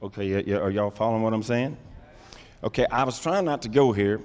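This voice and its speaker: A middle-aged man preaching a sermon, calling out to the congregation and rising into loud, emphatic bursts. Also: on the low side, brisk, long reverb tail. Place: church sanctuary.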